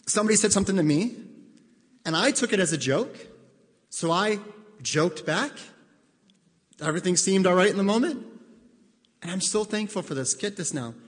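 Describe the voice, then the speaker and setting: A man's voice: high-pitched, long reverb tail. A male pastor preaching in a conversational way, asking the congregation direct questions and acting out both sides of conversations. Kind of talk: sermon.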